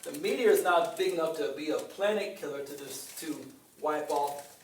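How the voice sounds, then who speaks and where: A man giving an informal talk to a group, conversational, pausing often with fillers. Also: a little high. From Chicago. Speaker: speaker. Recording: echoey room with faint ambient noise.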